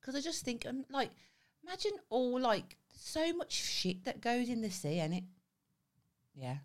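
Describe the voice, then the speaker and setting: Woman, podcast co-host, lively swooping pitch, excitable cursing. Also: a little slow. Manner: sweary, excitable banter. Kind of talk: casual chat.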